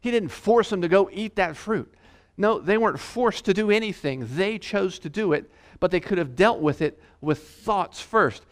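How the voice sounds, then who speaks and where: A man preaching a sermon in an exhorting way, restarting often and slowing down to read scripture aloud. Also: sits high, lively intonation. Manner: exhorting, repeats words, reads scripture slowly.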